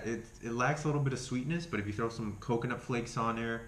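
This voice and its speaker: A man's voice: mid-range voice, fast, a bit bright, reverberant. A man with an Argentine accent, chatting casually as a health food vlogger, rambling, swearing freely and correcting himself. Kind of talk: casual chat review.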